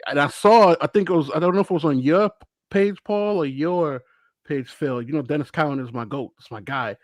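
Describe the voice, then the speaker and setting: A fairly high-voiced man from Brooklyn telling animated stories in a loose chat, jumping into loud impressions of the people he quotes. The sound is dry and close. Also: a little fast, no room sound. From Brooklyn, New York. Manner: animated storyteller who acts out quotes loudly. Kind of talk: casual chat, animated storytelling.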